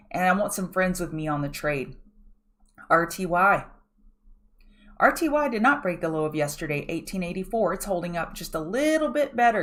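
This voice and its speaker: A woman with a lowish, fairly bright voice hosts a pre-market trading show. She walks viewers through the charts live in a direct, coaching manner and keeps telling them to look at the chart.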